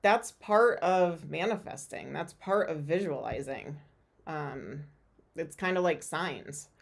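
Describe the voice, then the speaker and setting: A woman's voice: low voice, lively intonation, slow pace, vocal fry. A woman host chatting casually on a live stream, loose and giggly, with plenty of fillers. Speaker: host and tarot reader.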